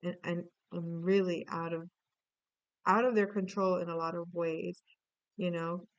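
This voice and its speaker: A woman's voice: lowish voice, little pitch movement, unhurried, smooth, highs cut off. A woman doing a casual tarot reading, rambling with lots of fillers and restarts, swearing now and then. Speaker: tarot reader.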